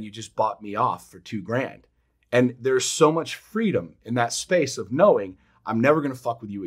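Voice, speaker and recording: A man co-hosts a podcast and talks with his listeners in a casual, motivational way. He is emphatic and swears freely. His voice sits at an ordinary pitch for a man, and he leans hard on key words. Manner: emphatic, swears freely, acts out quotes with sudden loud jumps. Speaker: podcast co-host.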